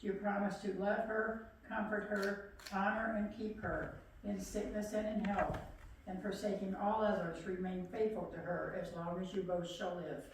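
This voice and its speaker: A woman officiating a wedding, speaking in a measured, solemn way through the formal ceremony. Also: mid-range voice, steady tone, slight background noise. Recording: echoey room, distant mic.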